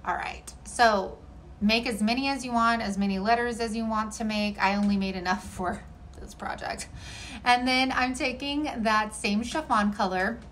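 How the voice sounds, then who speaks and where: A woman's voice: on the high side, moderate pace, fairly bright tone, slight background noise, rough recording. A woman chatting through a home decor DIY tutorial in an upbeat, friendly way, often saying "y'all". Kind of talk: casual tutorial narration.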